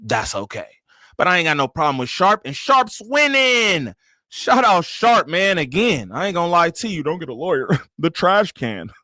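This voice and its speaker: A man hosting a reaction channel and riffing in loose, slangy commentary. He has a bright voice that sits fairly high for a man, and the sound is dry and close. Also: normal speed, no room sound. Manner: animated, joking, slangy. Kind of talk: casual commentary.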